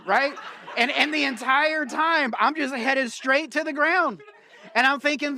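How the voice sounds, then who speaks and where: High, bright-voiced animated male pastor. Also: unhurried. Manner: animated storyteller, acts out his own panicked thoughts. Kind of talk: sermon with a humorous personal story. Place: church auditorium.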